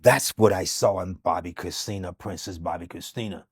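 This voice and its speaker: A man's voice: low voice, moderate pace, husky, dry recording, studio quality. A man who is a doctor, telling an emphatic, dramatic story in an interview and acting out what people said. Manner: dramatic, emphatic, acts out quotes. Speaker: guest, doctor. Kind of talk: animated storytelling.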